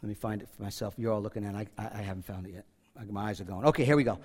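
A man's voice: on the low side, very fast, darkish tone, slightly rough. A pastor preaching a sermon, talking casually with asides and humor as he walks through a passage. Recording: hall reverb.

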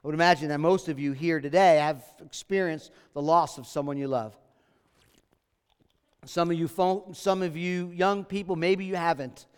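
A man's voice: fairly high pitch, clear, resonant tone, big-room sound. A man preaching a sermon as pastor, earnest and emphatic, repeating his key phrases.

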